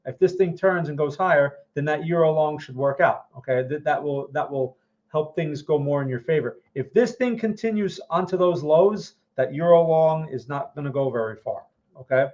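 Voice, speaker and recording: A man's voice: fairly high pitch, moderate pace, darkish tone. A man hosting a live market analysis, talking viewers through charts in a loose conversational way and often checking in with them. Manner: conversational, keeps checking in with "right?" and "okay?"; repeats and restarts phrases while thinking aloud. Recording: dull lo-fi sound.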